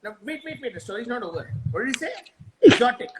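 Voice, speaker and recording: Animated high-voiced Indian storyteller man. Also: rapid-fire, a little hiss or hum, rough recording. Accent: Indian English. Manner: animated, mixes Hindi into English. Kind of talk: improvised storytelling on a live stream.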